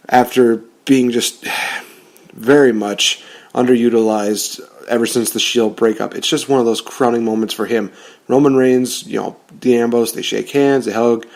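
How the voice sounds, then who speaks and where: A man's voice: medium pitch, a little mellow. A man giving casual, rambling commentary on rebooking wrestling storylines, often correcting himself.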